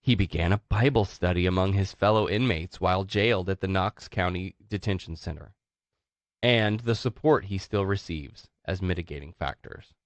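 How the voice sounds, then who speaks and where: A man's voice: low voice, moderate pace, dry recording. A man with a sore throat, co-hosting a casual podcast and reading news stories aloud with sarcastic commentary. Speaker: podcast co-host.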